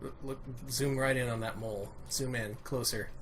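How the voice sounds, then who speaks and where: A man's voice: mid-range voice, steady tone, normal speed, a bit bright, a little hiss or hum. A man giving casual live-stream commentary while playing a retro game, with dry, wry remarks.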